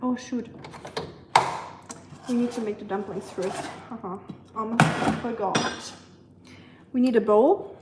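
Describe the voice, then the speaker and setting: A woman's voice: medium pitch, fairly even intonation, a little slow, long pauses, a little hiss or hum. A young woman with a German accent, a native German speaker, chatting casually with her livestream viewers while she cooks, answering them and searching for words. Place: home kitchen. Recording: echoey kitchen with clattering dishes.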